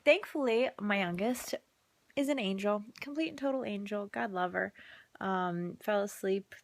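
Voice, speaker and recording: A mid-range voice with vocal fry, moving at a moderate pace, belongs to an exhausted mother vlogging on a phone camera. She tells a chatty, casual story about a long night, often dropping into a whisper.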